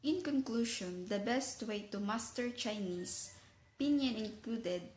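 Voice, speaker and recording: A woman's voice: fairly high pitch, animated, a little slow, a little mellow, reverberant, low-quality recording. A woman narrating a scripted language lesson, stressing each example sound. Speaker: language teacher.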